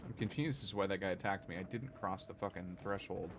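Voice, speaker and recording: Low-voiced man streaming a game. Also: fast, background noise. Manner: thinks aloud, swears when annoyed. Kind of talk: casual gameplay commentary. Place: home desk setup.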